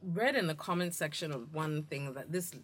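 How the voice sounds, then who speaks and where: Woman, podcast host, casual storytelling, animated, indignant, lowish voice. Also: normal speed. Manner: animated, indignant retelling with quoted dialogue.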